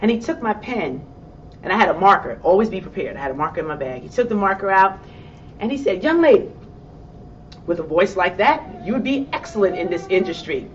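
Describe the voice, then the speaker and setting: A woman with a New York accent, giving a motivational talk and acting out her own excited reactions as she tells a personal story. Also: fast. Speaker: motivational speaker. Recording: distant, dull sound with faint rumble.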